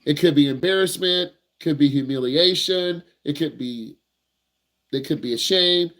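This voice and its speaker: A man's voice: a little high, a little slow, fairly bright tone. A man working as a driving instructor, giving blunt, repetitive, slangy advice to young drivers in a casual teaching talk.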